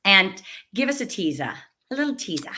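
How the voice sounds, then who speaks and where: A woman's voice: medium pitch, big pitch swings, brisk, sharp tone. A middle-aged woman hosting an interview, chatting casually and enthusiastically, laughing often. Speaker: podcast host.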